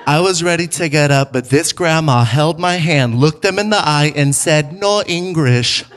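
A young adult man doing a live stand-up set on a theater stage, telling stories with animated delivery and acted-out quotes. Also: a little high, normal speed. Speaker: stand-up comedian. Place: theater stage before an audience. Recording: noisy live theater sound.

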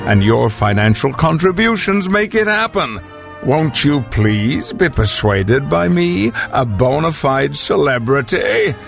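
A man's voice: mid-range voice, vocal fry, voice pushed up. A man doing a pompous British-accented older actor. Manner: grand, self-important, slow and drawn-out. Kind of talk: comic radio promo impression. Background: music.

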